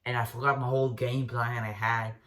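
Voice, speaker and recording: A man's voice: mid-range voice, flat delivery, a little fast, a bit bright. A man giving dating advice in a casual, unscripted rant, blunt and profane, rambling with restarts and calling the listener bro.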